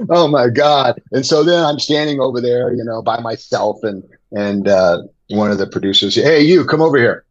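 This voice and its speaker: A middle-aged man, a guest on a podcast, telling an animated story with excitement and laughter. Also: medium pitch, moderate pace, few pauses, dull audio. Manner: excited, laughing anecdote teller. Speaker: guest, former TV gladiator.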